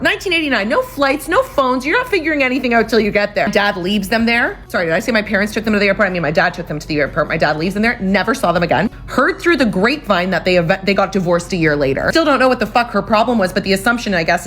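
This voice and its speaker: A young woman rattles through a family story at a brisk clip. Her voice sits at an ordinary pitch, and she tells it with gossipy relish and a bit of swearing. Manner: animated, quick-talking gossip with swearing. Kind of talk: casual storytime.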